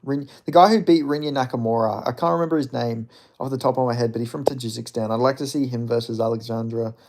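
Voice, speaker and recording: A man's voice: medium pitch, fairly even intonation, fast talker, darkish tone. Male streamer, loose rambling talk, answering chat with joking apologies. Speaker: livestream host. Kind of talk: casual livestream chat about fighting.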